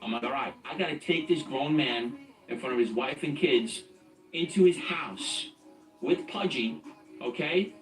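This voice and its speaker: A man's voice: mid-range voice, unhurried. A middle-aged man telling his own story as a guest in a blunt, streetwise and profane way. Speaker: guest recounting his past. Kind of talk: casual spoken storytelling. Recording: echoey, distant from the mic, faint music.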